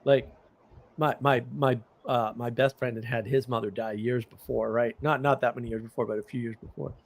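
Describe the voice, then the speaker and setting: Speaking at a medium pitch and a brisk pace, a middle-aged livestream host rambles through animated stories in casual chat. Bursts of laughter break up his talk.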